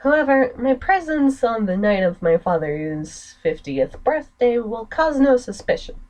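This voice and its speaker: A woman's voice: a little high, big pitch swings, a little slow, darkish tone, voice pushed up, poor audio. A woman reading the part of a bitter, scheming young nobleman in a game, in her own voice with an American accent.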